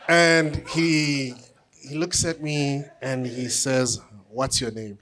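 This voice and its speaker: Middle-aged guy telling a funny story at a book talk, lively, laughs at himself. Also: medium pitch, slow, a little hiss or hum. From South Africa. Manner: animated anecdotal storytelling with self-deprecating laughs. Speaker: author and conductor.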